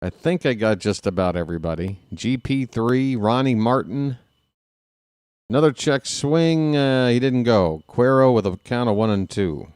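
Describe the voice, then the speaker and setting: A man streaming casual live baseball play-by-play, chatting with viewers and reading out their names between pitches. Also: normal speed, a little mellow, clear, resonant tone, no room sound, studio quality. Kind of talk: live play-by-play with chat shout-outs.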